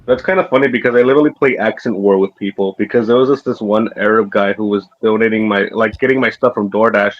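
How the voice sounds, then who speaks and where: A man chatting on a stream, telling animated stories and slipping in Spanish phrases. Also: fairly low pitch, fast, hardly any pauses. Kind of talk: casual chat. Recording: dull lo-fi mic.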